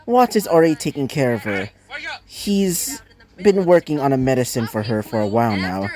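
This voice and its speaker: A man's voice: mid-range voice, very animated, moderate pace, a crowd in the background, close to an everyday voice. A man doing a sly, teasing villainess. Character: sly scheming young woman villain.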